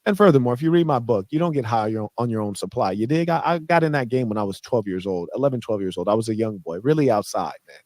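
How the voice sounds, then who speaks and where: A man's voice: medium pitch, lively intonation, fast, few pauses, darkish tone, dry recording. A man in a clipped monologue, boastful and condescending toward commenters. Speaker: online personality in a clipped video.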